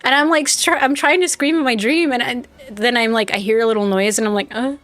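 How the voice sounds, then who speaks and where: A woman's voice: a little high, fairly even intonation, a little fast, a bit bright. A woman streaming a game live, telling a rambling story in casual chat and talking back to her viewers. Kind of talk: casual chat while playing.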